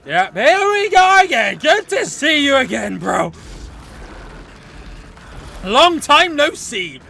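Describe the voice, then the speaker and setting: A man giving excitable, joking let's play commentary, often shouting and swearing at the game. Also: very high voice, slow pace, vocal fry. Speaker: gaming channel host.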